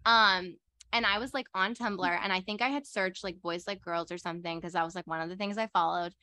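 Bright-voiced young woman, excitable storyteller. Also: lowish voice, a little fast, no room sound. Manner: excitable, heavy use of "like" fillers. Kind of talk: casual conversational storytelling.

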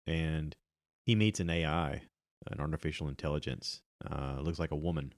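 A man's voice: a bass voice, fairly even intonation, normal speed, dry recording, clean studio sound. A middle-aged man chatting casually on his own about movies and podcasts, rambling with many ums and restarts.

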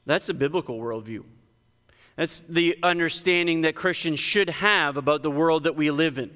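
In a church sanctuary, a male pastor delivers a sermon in a conversational yet emphatic manner, his pitch suddenly lifting to stress key points. His voice is bright and forceful at a normal speed, trailed by a long reverb tail.

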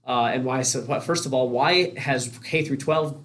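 A man's voice: mid-range voice, moderate pace, fairly bright tone. A man hosting a podcast, chatting casually with anecdotes and frequent self-corrections. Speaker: podcast host. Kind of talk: casual interview chat.

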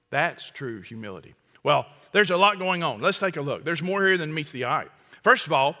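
A man's voice: a little high, expressive, moderate pace, hardly any pauses, bright, forceful tone, big-room sound. A man preaching a sermon as pastor, emphatic, often acting out quoted lines and chuckling at his own jokes.

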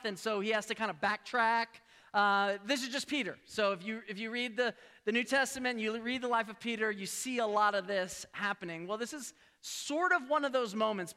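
A man preaching a sermon as pastor, telling a story with lively acted-out dialogue and frequent restarts. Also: very high voice, long reverb tail. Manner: animated storytelling, acts out quoted dialogue; frequent restarts and repeated words.

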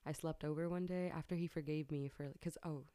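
A young woman with a low voice tells a personal story in casual chat, candid and swearing often. Her laughter comes easily. The sound is close and dry, with no room around it. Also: steady tone, brisk, mellow, clean tone, no room sound.

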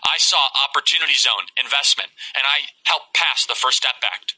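A man giving political commentary, delivering emphatic, rhetorical lines in a steady stream. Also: mid-range voice, moderate pace, slightly rough, poor audio.

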